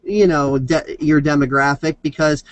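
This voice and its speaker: A man's voice: fairly high pitch, fairly even intonation, moderate pace, no room sound, poor audio. A man talking casually and at length on a video call, rambling and full of fillers.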